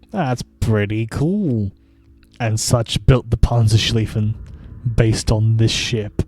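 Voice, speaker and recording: A man streaming a naval strategy game, talking slowly in a mellow, relaxed voice. His commentary is wry and amused, broken up by frequent chuckles, with faint music underneath. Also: mid-range voice, dry recording. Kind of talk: casual gameplay commentary.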